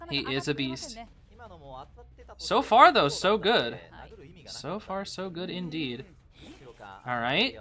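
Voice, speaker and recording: A man streaming live game commentary on a tournament match, excitable and chatty, thinking aloud and breaking into laughter. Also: fairly high pitch.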